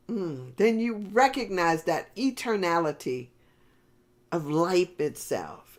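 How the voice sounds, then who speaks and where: A woman's voice: medium pitch, very animated, measured pace. A woman preaching a sermon in a rambling, conversational way with many fillers and restarts.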